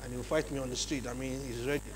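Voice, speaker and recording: A man with a Nigerian English accent giving a lively leadership seminar talk in a large church hall, often checking in with his audience. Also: medium pitch, very fast. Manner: acts out examples in changed voices. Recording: long hall reverb, faint mains hum.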